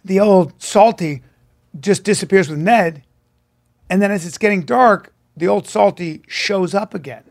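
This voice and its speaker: A man's voice: sits high, a little slow. A man co-hosting a podcast, telling a wild story with lots of swearing and acting out the voices of the people in it. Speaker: podcast co-host. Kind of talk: animated storytelling.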